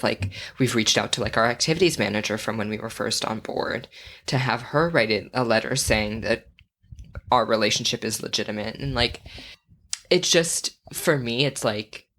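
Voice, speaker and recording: Very low-voiced woman chatting casually. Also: fairly bright tone. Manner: candid, laughs often, many "like" fillers. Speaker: podcast co-host. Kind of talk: casual chat.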